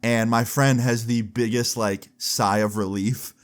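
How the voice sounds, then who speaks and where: A young man in his late teens telling a personal story in a casual, animated way, acting out the quoted voices. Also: mid-range voice, a little slow. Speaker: storytelling vlogger.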